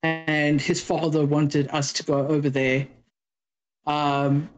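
A woman's voice: deep voice, little pitch movement, slow pace, music in the background, rough recording. A woman from South Africa with a South African accent, chatting as a podcast guest and acting out little exchanges as she tells stories. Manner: chatty storyteller, acts out exchanges with quoted voices. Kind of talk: casual interview chat.

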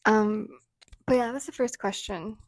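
A young adult woman co-hosting a podcast in casual chat, animated and quick to act out what other people say. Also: mid-range voice, dry recording. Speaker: podcast co-host.

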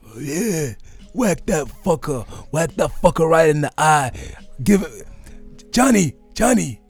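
Shrill, vicious mobster, loud and cackling, a man doing the bit. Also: very animated, slow pace, slightly rough, faint music behind, heavily acted. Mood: gleeful.

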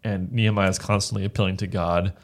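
A man's voice: low voice, level tone, quick pace. A man, a pastor, talking through a book of the Bible in a casual discussion, earnest and often restarting his phrases as he reads verses aloud.

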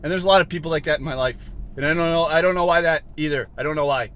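Sitting in a car, a man hosts a solo podcast in a fairly high, very fast voice. He rambles and questions himself, swinging between mutters and shouts.

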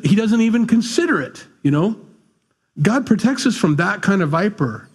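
A middle-aged male pastor preaching a conversational, animated sermon with asides. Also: fairly high pitch, slightly rough.

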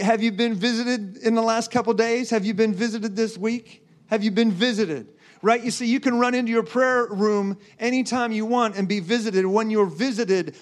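High-voiced man preaching emphatically. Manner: emphatic preaching with repeated rhetorical questions. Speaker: pastor. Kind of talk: sermon.

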